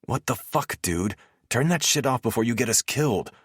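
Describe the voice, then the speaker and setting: A man's voice: mid-range voice, expressive, normal speed, breathy edge, no room sound, studio quality, pitched above the performer's own voice. A man voicing a brash, hot-headed young mob brother with a crude, scoffing way of talking, in an audiobook. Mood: hissing, annoyed. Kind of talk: audiobook character voice.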